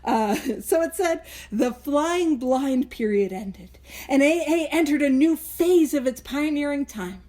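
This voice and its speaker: A woman's voice: high-pitched, animated, a little slow, dark tone. A woman hosting a podcast book study, reading passages aloud and chatting with playful, joking asides. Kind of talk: casual chat reading and commenting on a text.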